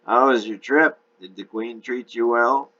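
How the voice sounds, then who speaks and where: A cheerful English gentleman chats and explains things patiently, as a man puts him on for an audiobook. The voice sounds bright and forceful over a deep base. The sound is a little muffled and lo-fi. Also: fairly even intonation, a little slow. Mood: friendly.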